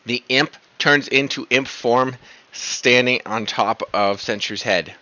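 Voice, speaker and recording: Guy running a tabletop game, bright lively voice, kinda dull lo-fi stream audio. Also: medium pitch, takes it slowly, no room sound. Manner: animated, laughs often, slips into character voices. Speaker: game master.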